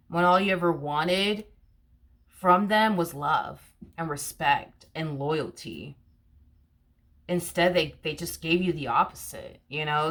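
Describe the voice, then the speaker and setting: A woman's voice: on the low side, a bit bright. A woman giving a casual tarot reading to camera, repeating herself with rhetorical questions and many fillers. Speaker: tarot reader.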